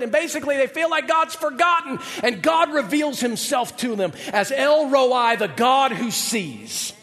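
A man preaching a sermon as pastor, animated and shifting his voice to act out biblical figures. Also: very high voice, moderate pace, big-room sound.

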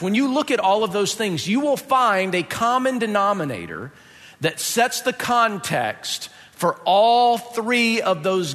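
Animated preacher man in a reverberant hall. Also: high voice. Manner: animated, conversational preaching with rhetorical questions. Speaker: pastor. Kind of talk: sermon.

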